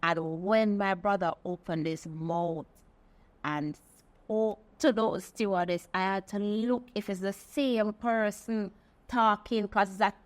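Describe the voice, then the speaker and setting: A woman's voice: medium pitch, slow. A woman with a Jamaican accent hosting a casual panel chat, telling stories and asking her guests questions. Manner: storytelling, asks guests questions. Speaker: host.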